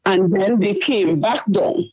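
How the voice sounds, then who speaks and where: On a talk show, a middle-aged woman caller tells a distressing story, repeating herself as she goes. Her medium-pitched voice is expressive, slow and mellow with a breathy edge, and the recording is rough.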